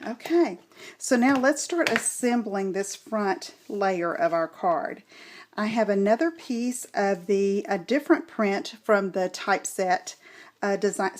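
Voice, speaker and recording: A middle-aged woman hosts a crafting tutorial, speaking at a notably slow, unhurried pace. Her delivery is gentle and explanatory, walking through each step as she works. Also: medium pitch.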